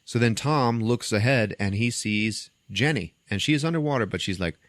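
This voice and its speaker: A man's voice: on the low side, normal speed, no echo. A man hosting a podcast, giving a casual comedic recap of a movie and acting out the scenes as he goes. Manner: animated storytelling, acting out scenes. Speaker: podcast host.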